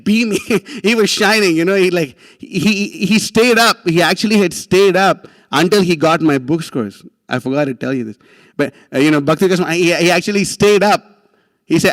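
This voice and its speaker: A young man tells his story at a rapid clip, excitable and full of slang. His voice sits fairly high and laughs break in often. The sound is dry and close. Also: no room sound. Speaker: class speaker. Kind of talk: animated storytelling talk.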